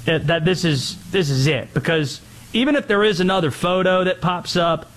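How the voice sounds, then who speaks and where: A man co-hosting a sports talk show, laying out his argument in a measured, wry way. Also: sits high, a bit bright. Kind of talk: sports debate.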